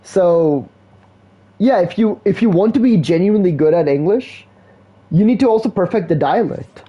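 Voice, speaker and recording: A man's voice: sits high, lively intonation, normal speed, dull audio. A man streaming live, chatting casually in a slangy, laid-back way, full of "bro" and "like". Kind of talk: casual rambling stream chat.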